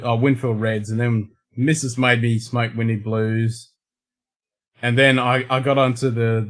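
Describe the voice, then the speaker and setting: An Australian man hosting a casual livestream chat, blunt and swearing constantly in a laid-back way. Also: medium pitch. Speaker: show host.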